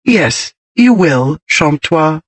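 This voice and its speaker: A man voicing a composed young lady who speaks crisply and teases with dry wit. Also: on the high side, big pitch swings, extremely slow, dry recording, full character voice. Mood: cool teasing. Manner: crisp, poised, dryly teasing. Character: composed, witty young lady, cool and teasing.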